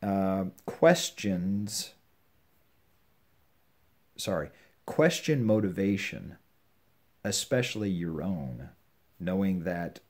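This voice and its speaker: An older man giving earnest, measured advice on scripture to his children and grandchildren at home. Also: low voice, lively intonation, a little mellow. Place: home with a puppy nearby.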